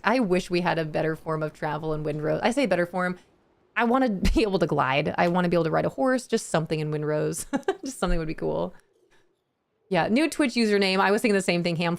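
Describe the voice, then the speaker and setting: A woman's voice: fairly low pitch, quick pace, gravelly. A woman streaming a video game, chatting casually with her viewers and reacting with easy delight. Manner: bubbly, easily delighted, chatty. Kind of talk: casual live-stream gameplay chat.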